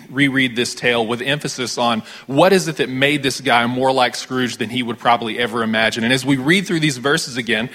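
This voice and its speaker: A man's voice: medium pitch, a bit bright. A man with an American accent, a pastor giving a conversational sermon with dramatic readings of scripture.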